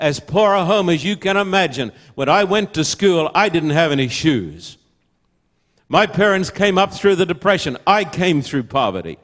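Emphatic older preacher man. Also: a little high. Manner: emphatic, rhetorical questions to the audience. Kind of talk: sermon.

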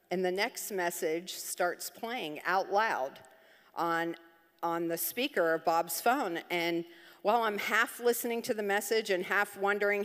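A woman's voice: medium pitch, a bit bright, in a large hall. A woman giving a personal testimony on a church stage, telling her story with laughs and acted-out quotes.

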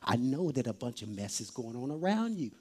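A preacher voicing Jesus as a gentle comforter, speaking softly, hushing and reassuring. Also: medium pitch, pitched below the performer's own voice, natural voice. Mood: soothing, hushed. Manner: soft hushing, slow and soothing.

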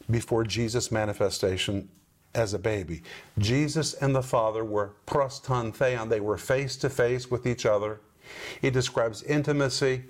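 A middle-aged man hosting a Bible-teaching program, who talks emphatically and slows down to stress key words. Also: medium pitch.

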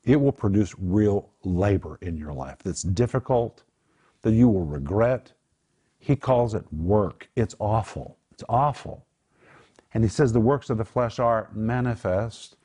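Man, low voice, Bible teacher, preaching style, emphatic, earnest. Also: measured pace, warm tone, husky. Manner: earnest, emphatic, prays aloud. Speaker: Bible teacher on a Christian talk show.

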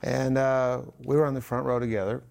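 A man's voice: mid-range voice, little pitch movement, a little fast, gravelly, a little mellow. A man co-hosting, chatting casually with small restarts as he talks. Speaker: co-host. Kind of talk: casual chat.

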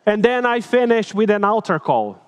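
Male pastor, high voice, animated sermon storyteller, slightly broken English. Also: moderate pace, clear, resonant tone. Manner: animated, dramatic shifts between loud and hushed.

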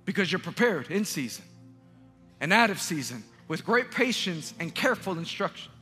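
A male pastor preaching a sermon in a large church, emphatic and repetitive, building up to shouts. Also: high-pitched, sing-song, normal speed, in a large hall, faint music behind.

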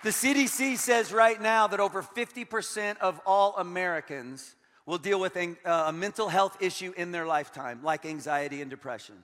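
A middle-aged man preaching as a guest pastor, lively and joking, turning earnest. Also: high voice, moderate pace. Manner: energetic and joking, switching to earnest. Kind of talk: sermon. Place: large church hall. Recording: long hall reverb.

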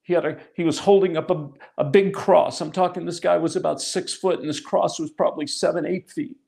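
A middle-aged man delivers a sermon, weaving a personal testimony into his teaching. His voice has a gravelly, rough edge, and he drives points home by repeating key phrases. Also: fairly high pitch, fairly even intonation, fairly quick, dark tone. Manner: storytelling, emphatic repetition. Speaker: pastor.

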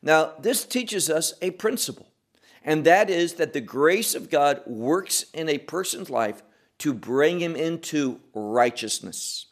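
A man preaching an expository sermon, teaching verse by verse in a slow, emphatic delivery that rises and falls. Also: a little high, animated. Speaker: pastor.

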